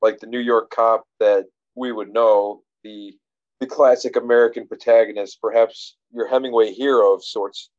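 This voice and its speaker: A man's voice: on the low side, steady tone, moderate pace, darkish tone, highs cut off. A man in casual conversation about a film, thinking aloud with frequent restarts. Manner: rambling, many restarts and fillers, reflective. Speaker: podcast co-host discussing a film.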